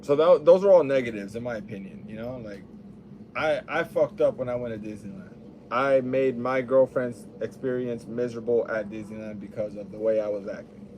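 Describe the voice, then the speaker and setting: Swearing liberally, a young man rambles along in an easygoing monologue, brisk and a little mellow, his pitch ordinary and mid-range. There's a faint hiss in the background.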